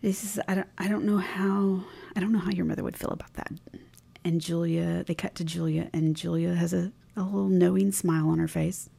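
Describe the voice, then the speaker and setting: A woman co-hosting a podcast, casually recounting a TV episode scene by scene and quoting the characters' lines softly. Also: fairly low pitch, steady tone, a little fast, vocal fry, breathy edge. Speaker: podcast co-host. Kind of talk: casual recap chat.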